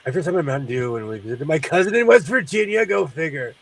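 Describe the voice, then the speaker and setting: A man hosts a sewing livestream, congested from sinus trouble, rambling in casual chat and laughing often. His voice is on the high side with lively intonation, fast, and full of vocal fry. He is far from the mic and the recording is rough.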